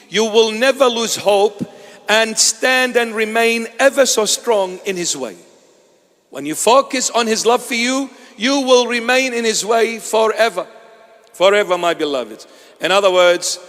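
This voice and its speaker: A man preaching a sermon in a slow, emphatic way, with dramatic repetition of his phrases. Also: high voice, a bit bright. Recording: long reverb of a large hall.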